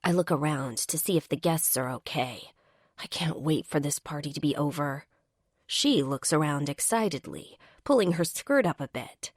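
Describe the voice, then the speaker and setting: Lively wry woman narrating. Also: low-pitched, moderate pace, no echo, studio quality. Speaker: audiobook narrator. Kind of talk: first-person romance audiobook narration.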